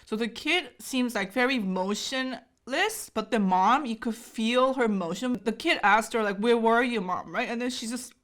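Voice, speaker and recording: A woman's voice: a little high, normal speed, few pauses, a bit bright. A woman in her thirties, a native Korean speaker, giving an emotional, gushing reaction commentary full of fillers. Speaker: YouTube host.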